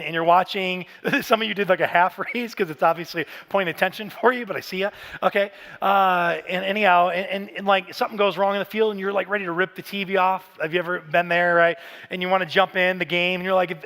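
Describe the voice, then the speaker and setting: A man in his thirties delivers a Father's Day sermon with a high, light voice. He talks casually and animatedly, telling stories and sometimes breaking into shouts. The sound carries a long church-hall reverb. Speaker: pastor. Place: large church auditorium.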